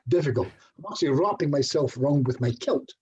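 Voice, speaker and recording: A man's voice: medium pitch, fast, a little mellow, husky, dull audio. A middle-aged Scottish man giving a casual online presentation as a hypnotherapist, chatty and self-deprecating, with little jokes. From Scotland.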